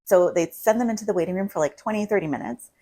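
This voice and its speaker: Husky-voiced woman therapist giving advice. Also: mid-range voice, fast talker, mellow, low-quality recording. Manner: conversational, many "like" and "right?" asides. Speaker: couples therapist. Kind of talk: casual advice talk to camera.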